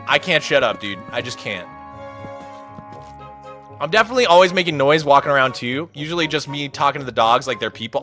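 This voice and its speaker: A male streamer tells rambling, animated stories to his chat and peppers them with "dude" and "man." His voice is bright and sits a bit high. Faint game music plays behind him. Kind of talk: casual chat with viewers.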